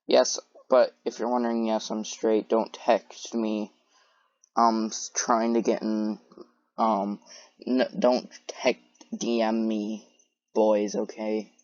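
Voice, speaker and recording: A woman's voice: very deep voice, little pitch movement, slow, a little mellow, dry recording. A woman commentating on clips in a sarcastic, incredulous way, with many hesitant fillers. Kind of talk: reaction commentary. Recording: dull lo-fi dry recording.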